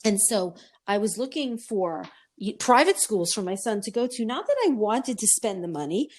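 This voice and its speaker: Middle-aged female podcast host, chatty and expressive, recorded dry and close. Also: medium pitch, normal speed, no echo. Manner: animated storyteller, acts out quoted voices. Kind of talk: casual chat.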